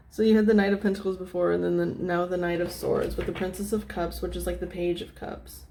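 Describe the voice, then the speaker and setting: A woman giving a casual tarot reading, thinking out loud with lots of fillers and restarts, often dropping to a soft, near-whispered tone. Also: fairly low pitch, flat delivery, fairly quick, slight background noise. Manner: meandering, thinking aloud with many fillers. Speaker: tarot reader.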